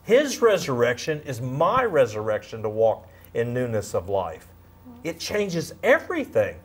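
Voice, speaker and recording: A man in his fifties sharing a lively faith testimony as a guest, acting out quotes as he tells it. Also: medium pitch, measured pace, husky. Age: 50s. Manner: animated, storytelling, acts out quotes. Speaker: guest speaker. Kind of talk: faith testimony in a talk show.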